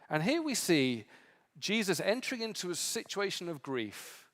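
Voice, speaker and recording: High-voiced preacher in a reverberant hall. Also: male voice, a bit bright. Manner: impassioned preaching, rising to emphatic peaks then dropping low. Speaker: pastor. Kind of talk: sermon. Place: church sanctuary.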